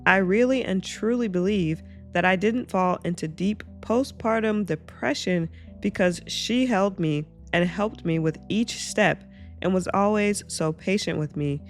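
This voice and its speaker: A woman reading online stories aloud as host of her channel, breaking off into animated asides and reactions. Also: on the low side. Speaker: reddit story reader and reactor.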